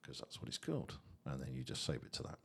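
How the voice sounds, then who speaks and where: A man casually walking through a software tutorial, chatty and thinking aloud. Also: a bass voice, big pitch swings, fast talker, vocal fry, breathy edge. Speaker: tutorial host.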